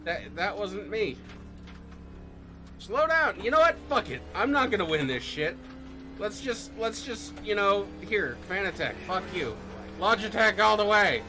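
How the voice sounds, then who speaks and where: A man streaming a racing sim, talking to himself in an excitable, jokey way, swearing and breaking into high squeals. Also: measured pace. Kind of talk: live game commentary. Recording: game music and engine noise behind.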